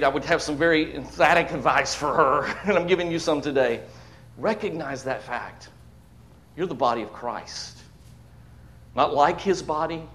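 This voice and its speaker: A man preaching a sermon to his church, emphatic, swinging between loud declarations and hushed asides, often repeating words. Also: on the high side. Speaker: pastor. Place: church sanctuary.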